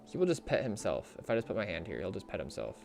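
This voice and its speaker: A man chatting casually on a live gaming stream, easily excited and cooing at his cat. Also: lowish voice, quick pace, gravelly, over music.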